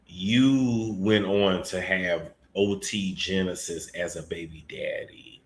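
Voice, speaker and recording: A man hosting celebrity gossip commentary, talking in a profane, mocking way with sudden bursts of shouting. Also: deep voice, fairly even intonation, takes it slowly. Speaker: commentary host. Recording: echoey room.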